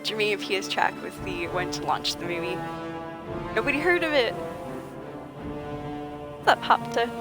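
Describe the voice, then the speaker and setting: A woman game streamer chatting casually with her viewers, greeting them by name and laughing often. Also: a little high. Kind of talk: casual livestream chat. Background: game music.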